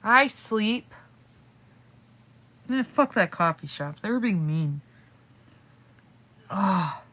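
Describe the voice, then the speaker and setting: Slow, sleepy young woman streaming from bed. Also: mid-range voice, lively intonation, sharp tone. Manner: sleepy, rambling, swears casually. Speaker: live streamer. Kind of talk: late-night livestream chat. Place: in bed in a bedroom.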